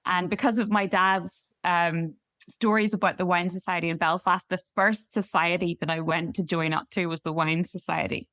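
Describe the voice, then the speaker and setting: A woman's voice: fairly low pitch, steady tone, normal speed, fairly bright tone, no echo, studio quality. A middle-aged woman with a Northern Irish accent, a wine expert telling her story in an interview, articulate and friendly. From Northern Ireland. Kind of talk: interview conversation.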